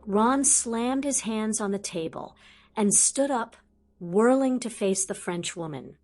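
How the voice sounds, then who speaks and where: Woman narrator, slow, even pitch, faint music bed. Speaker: audiobook narrator. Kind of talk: fan fiction audiobook narration.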